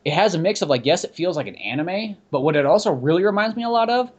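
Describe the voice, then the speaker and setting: A man hosting a podcast, chatting casually in a rambling, animated way full of "like". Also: sits high, fast talker, lo-fi sound. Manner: rambling, animated, heavy use of "like". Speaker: podcast host. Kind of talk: casual chat.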